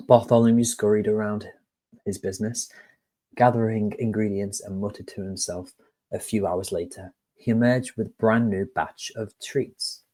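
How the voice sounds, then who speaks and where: A man's voice: lowish voice, mellow. A man, an HR course tutor who talks to viewers in a chatty, direct way and reads a storybook tale. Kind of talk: casual lesson with storytelling.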